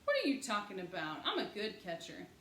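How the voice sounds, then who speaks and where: A pushy, nosy boy, played by a woman reader, who keeps needling in a lively, raised voice. He is heard in an echoey room with a faint hiss behind him. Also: mid-range voice, fairly quick. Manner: pushy, wheedling. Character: pushy, nosy boy ballplayer, chatty and stubborn.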